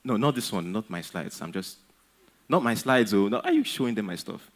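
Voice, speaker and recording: Animated man, low voice. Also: fairly quick. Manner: animated storyteller, playful asides. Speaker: conference speaker. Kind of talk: humorous motivational talk.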